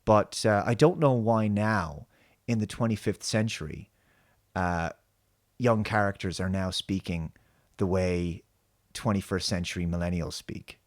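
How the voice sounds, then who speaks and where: A man's voice: deep voice, unhurried. A man hosting his own show, rambling through a critical TV episode review with many restarts and fillers. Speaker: show host.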